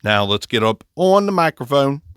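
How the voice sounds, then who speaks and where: Close on a condenser mic, a man from Ohio with an Appalachian accent reviews a microphone in a chatty, joking, self-deprecating way. Allergies leave him congested and slightly nasal. His medium-pitched voice is fairly bright and smooth, swings widely in pitch, moves at a moderate pace, and is recorded dry.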